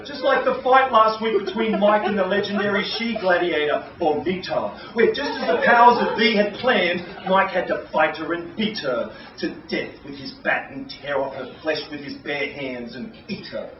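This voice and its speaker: A man's voice: high-pitched, moderate pace, hardly any pauses, crowd noise, natural voice. A man performing a rhyming spoken-word piece as a bitter, sardonic male gladiator, in a mocking, rhythmic delivery. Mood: bitter sarcastic. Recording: distant, roomy lo-fi live recording with ambient noise.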